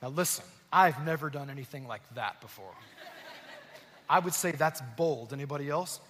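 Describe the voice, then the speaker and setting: A man's voice: a little high, lively intonation, normal speed, a bit bright, slight background noise. Man, pastor, sermon, storytelling, raised voice, long hall reverb. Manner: storytelling, acting out quoted voices with rising intensity. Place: church auditorium.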